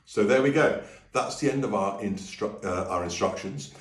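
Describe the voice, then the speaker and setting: A man's voice: on the low side, normal speed. A man teaching a song on video, explaining in a friendly, easygoing way and singing demonstrations. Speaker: music teacher. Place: room with a piano. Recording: echoey room, voice a little distant.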